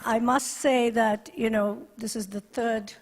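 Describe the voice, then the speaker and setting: A woman directing a university resource center, giving an earnest, measured ceremony speech with deliberate pauses. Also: a little high, steady tone, long reverb tail, a loud crowd, very noisy. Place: ceremony hall.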